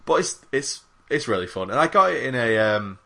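A man's voice: medium pitch, big pitch swings, brisk, gravelly, bright, forceful tone. A young man on a gaming podcast, rambling through a casual chat with lots of fillers. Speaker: podcast co-host.

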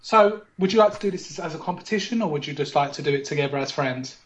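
A man's voice: on the high side, lively intonation, quick pace, rough recording. A man hosting a podcast, running a mock game show with teasing, playful patter like a quiz commentator. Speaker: podcast host.

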